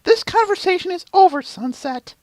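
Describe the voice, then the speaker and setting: A man voicing an anxious young female pony heroine in a high falsetto. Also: animated, normal speed, no room sound, low-quality recording. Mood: urgent.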